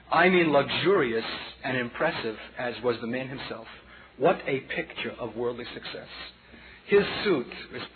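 On a tinny, phone-sounding recording with an audience, a man with a Brooklyn accent preaches a sermon in a voice on the high side. He tells a story dramatically, going from loud to a hush as he calls his congregation children.

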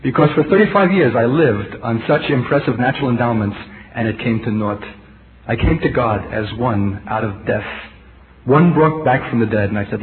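A man's voice: medium pitch, expressive, moderate pace. A middle-aged man delivers a sermon with intense emphasis, his voice sinking to a near whisper and then surging. He speaks in an ordinary middle register and keeps turning to the congregation with rhetorical questions. The sound is thin and phone-like, with a light hiss underneath. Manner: intense, emphatic, swings between loud and hushed. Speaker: preacher. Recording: tinny lo-fi tape with faint hiss.

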